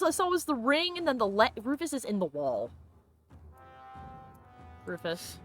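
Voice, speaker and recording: A woman's voice: a little high, big pitch swings, unhurried, long pauses, a bit bright, soft background music. A woman hosting a let's play, chatting casually and playfully about the game, often giggling and reading chat aloud. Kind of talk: casual gameplay commentary.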